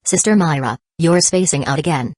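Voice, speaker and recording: A woman's voice: sits low, moderate pace, darkish tone, no echo. A woman voicing a teasing young male guild helper in an audiobook reading.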